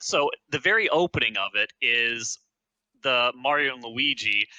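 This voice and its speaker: Bright, dry-miked male podcast co-host, rambling recap with restarts. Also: medium pitch, expressive, a little slow, dry recording, dull audio. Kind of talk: casual podcast chat.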